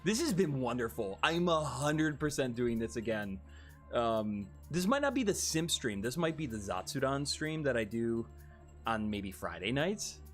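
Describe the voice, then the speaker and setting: A man's voice: mid-range voice, normal speed, soft background music. A man streaming, chatting casually, laughing often and cursing freely. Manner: animated, laughs often, swears. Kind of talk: casual livestream chat.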